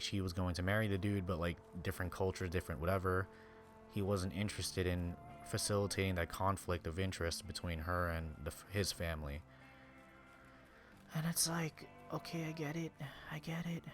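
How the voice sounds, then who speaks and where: A man's voice: low-pitched, steady tone, brisk, fairly bright tone, soft background music. A man live-streaming a game, venting angrily with heavy swearing and sometimes dropping to a tired whisper.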